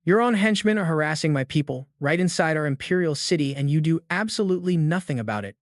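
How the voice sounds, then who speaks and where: A man gives voice to a proud young princess in a manhwa recap. Each line is firm and sharp, in a slightly high voice, recorded close and dry. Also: lively intonation, fast talker, no echo, close to an everyday voice.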